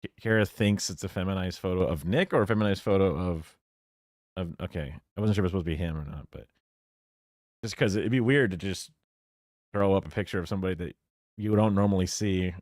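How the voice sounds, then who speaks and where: A man's voice: deep voice, quick pace, darkish tone, no echo, clean studio sound. A man streaming, reacting to a clip with casual, opinionated commentary and lots of fillers. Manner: musing, opinionated, many fillers.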